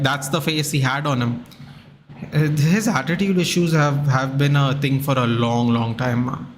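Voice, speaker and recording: A man's voice: on the high side, slight background noise. A man streaming a live football watchalong, chatting casually and reading out viewer comments. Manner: chatty, reads out viewer comments, excitable at goals.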